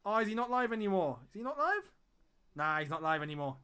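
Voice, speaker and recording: A man's voice: high voice, sing-song, fast, bright, forceful tone, clear, resonant tone. A young man hosting a live-stream watchalong, chatting to viewers, reading out their comments and often repeating phrases for emphasis. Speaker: fan channel host.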